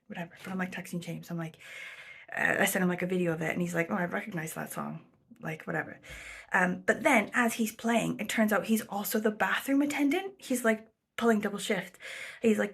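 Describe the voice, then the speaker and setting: Husky-voiced woman rambling through a story. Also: medium pitch. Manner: rambling, chatty, full of 'like' and 'um', slips into quoted voices; drops to a near whisper at times. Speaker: vlogger. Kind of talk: casual storytelling vlog.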